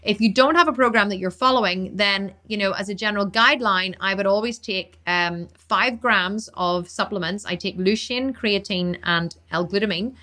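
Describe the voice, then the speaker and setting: A woman fitness coach answering viewer questions on a live stream, talking fast, blunt and emphatic. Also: medium pitch, sharp tone.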